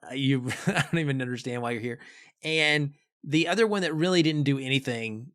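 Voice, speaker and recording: A man's voice: mid-range voice, fairly quick, fairly bright tone, clean tone. A man co-hosting a film podcast, talking casually and enthusiastically. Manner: enthusiastic, conversational. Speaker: podcast co-host. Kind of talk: casual film review chat.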